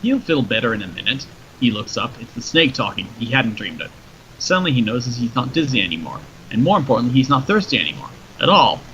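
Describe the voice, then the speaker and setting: A man narrates a story in a steady, descriptive way. His voice is bright and mid-pitched. The recording is dull and lo-fi, with faint background noise. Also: quick pace. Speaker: story reader.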